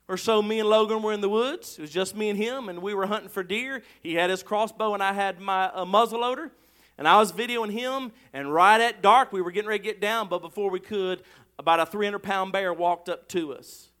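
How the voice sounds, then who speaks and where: A male preacher delivers a sermon in a strikingly high voice. His tone is forceful and tense, pushing hard on each phrase. He preaches with passion and climbs into full shouts. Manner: impassioned preaching that swells into shouting. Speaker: pastor.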